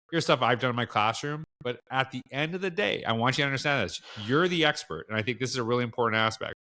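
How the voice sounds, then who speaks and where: A middle-aged man with a Canadian accent chats as a podcast guest. His pitch sits in an ordinary middle range. He rambles loosely, full of fillers and self-corrections. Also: sharp tone. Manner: rambling, lots of fillers and restarts, acts out quoted dialogue. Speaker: podcast guest, education speaker. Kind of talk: casual interview chat.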